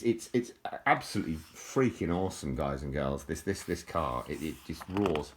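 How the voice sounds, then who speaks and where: A man's voice: extremely low pitch, expressive, normal speed, few pauses, slight background noise. A middle-aged man, rambling in a casual, jokey video monologue with frequent restarts. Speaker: vlogger.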